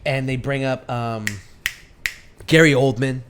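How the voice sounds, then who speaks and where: A man's voice: medium pitch, steady tone, a little slow, a little hiss or hum. A man co-hosting a podcast, a few beers in, rambling in casual chat with many restarts and frequent laughter. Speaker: podcast co-host.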